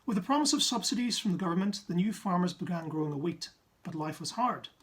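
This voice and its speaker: A man from Ireland telling a comic science story in a jokey way, with sudden asides and pitch jumps for effect. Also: expressive, fast, slightly rough. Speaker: science comedian.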